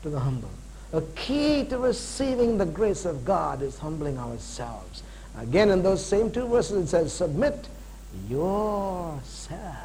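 A man in his forties preaching a sermon, animated, swinging between loud emphasis and quiet, slow points. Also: high-pitched, slight background noise, low-quality recording. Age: 40s.

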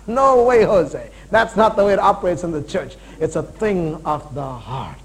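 A man in his forties preaching a sermon, animated, swinging between loud emphasis and quiet, slow points. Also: sits high, low-quality recording. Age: 40s.

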